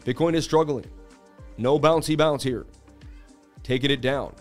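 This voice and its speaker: Animated man giving live market commentary. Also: medium pitch, measured pace, faint music behind. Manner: animated, casual, hype-driven. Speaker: crypto market analyst host.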